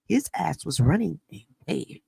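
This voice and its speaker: A middle-aged woman from New York State, hosting an astrology channel and telling a story in a casual, animated, profane and slangy way. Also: low-pitched, a little slow, creaky, slightly rough, dry recording.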